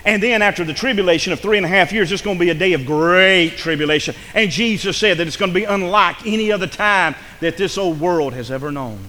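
Fervent preacher guy, kinda high bright tone, big echoey church hall. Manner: fervent preaching that swells into impassioned calls. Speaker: pastor. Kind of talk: sermon. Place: church sanctuary.

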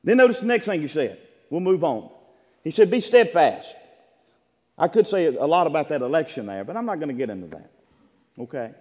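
A man preaching a sermon in an emphatic, repetitive style with bursts of shouting. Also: fairly high pitch, very animated, fairly quick, long pauses. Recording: church sanctuary with long reverb.

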